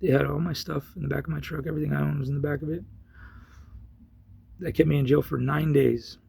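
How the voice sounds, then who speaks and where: Man, gravelly rough voice, husky, rambling casual storytelling. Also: a little high, little pitch movement, fast. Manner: rambling, many ums and restarts, voice rises sharply when retelling shouting.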